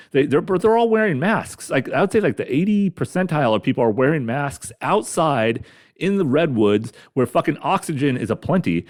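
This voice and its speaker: A middle-aged man grumbling through a profane, rambling comedic rant as a podcast host, talking carefully after mouth surgery. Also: mid-range voice. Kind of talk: ranting comedic monologue.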